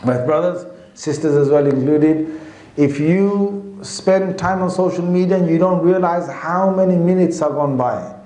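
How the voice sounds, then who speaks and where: Animated British man in an echoey hall. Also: a little high, a little slow. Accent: British English. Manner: animated, demonstrative, chants and recites between points. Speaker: religious teacher. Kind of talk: Islamic talk with chanted remembrance.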